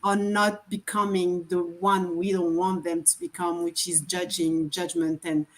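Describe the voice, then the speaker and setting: A woman's voice: lowish voice, flat delivery, unhurried. A woman who speaks English as a second language, sharing her thoughts earnestly on a video call, often repeating words as she goes. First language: not English. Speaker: summit participant, parent. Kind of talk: casual online panel chat.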